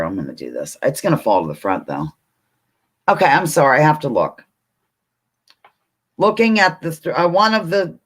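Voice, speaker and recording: A woman hosting a live trivia stream from her computer, chatting with viewers and reading answers aloud. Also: fairly low pitch. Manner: chatty, narrates her own actions, excitable. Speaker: livestream host running a trivia game. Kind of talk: casual live-stream chat.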